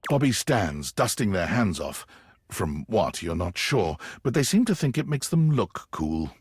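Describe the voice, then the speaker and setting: A man reads the scripted narration of a video game in a wry, dry way. His voice is low and lively in pitch. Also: measured pace, slightly rough, no room sound.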